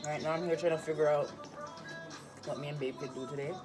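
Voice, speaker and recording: A woman's voice: sits low, fairly even intonation, quick pace. A young woman with a Jamaican accent, rambling and chatty as she vlogs casually to her viewers. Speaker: vlogger. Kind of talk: casual vlog chat. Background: music.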